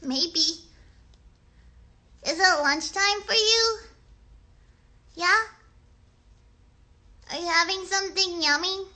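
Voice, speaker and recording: Woman voicing a very high, bright little girl puppet; chatty, rambling, talks slowly to kids. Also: exaggerated voice. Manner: rambling, hesitant, talks straight to young viewers. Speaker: puppet show host. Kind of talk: children's puppet livestream.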